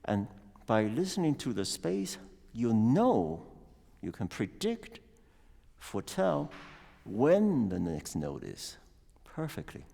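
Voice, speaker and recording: A man's voice: medium pitch, wildly swooping pitch, slow pace, vocal fry, dark tone. A man teaching a piano master class, coaching a student and singing rhythms aloud to explain patiently. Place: concert hall. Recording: distant hall reverb.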